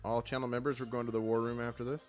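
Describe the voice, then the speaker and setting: A man hosting a casual live stream with excited market commentary, rallying his chat and reading out their comments. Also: medium pitch, rapid-fire, soft background music.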